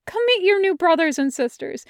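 A woman voicing a sweet, soft-hearted young man who gushes and tears up easily, slipping into breathy whispers. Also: very high-pitched, sing-song, moderate pace, no room sound, studio quality, voice pushed up. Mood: gushing.

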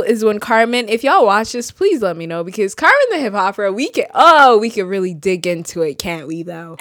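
A young woman from Haiti hosts her own podcast, talking in a loose, animated ramble packed with asides. Her voice sits a little high. The sound is dry and close, with no room echo. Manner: animated, chatty, lots of fillers and asides. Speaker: podcast host. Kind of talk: casual solo chat.

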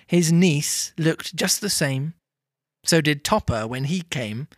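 A man reading a novel aloud with lively, amused storytelling. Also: on the high side, slow, dry recording, studio quality. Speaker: reader.

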